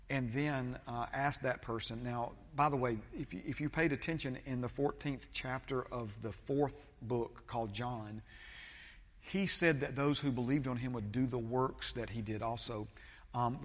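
A man, a pastor preaching a sermon, talking haltingly with many fillers and restarts. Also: medium pitch, big-room sound.

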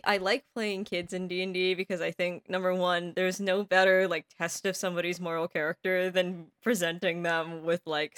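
A woman's voice: lowish voice, a bit bright, no echo, studio quality. A woman cast member of a podcast chatting casually and enthusiastically. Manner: enthusiastic, laughs often. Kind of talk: casual chat.

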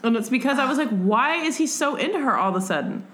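A young woman in casual podcast chat, retelling a story with big animated reactions. She slips into quick character voices and curses casually. A faint hiss sits under her voice. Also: a little high. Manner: swearing, lots of "like". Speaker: podcast co-host.

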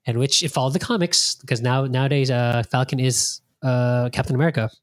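A man at a middle pitch hosting a casual podcast, loose and animated, peppering his talk with swearing and playing out his own reactions. The sound is dry and close, with no room around it. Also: a little fast, no echo. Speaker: podcast host. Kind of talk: casual chat.

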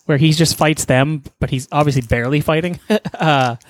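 A man's voice: a little high, steady tone, normal speed. A man animatedly retelling a story in casual chat, swearing often.

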